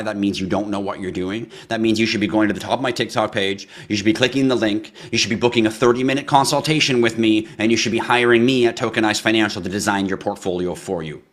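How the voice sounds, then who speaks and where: Low-voiced guy hosting a livestream, answers chat, rants and swears a lot. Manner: ranting, swearing, bursts of yelling.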